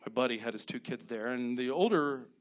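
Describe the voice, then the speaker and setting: A man in his thirties doing stand-up on a club stage, telling deadpan stories and acting out short quotes. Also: mid-range voice. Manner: deadpan storytelling with quick acted-out quotes. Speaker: stand-up comedian. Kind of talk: stand-up set.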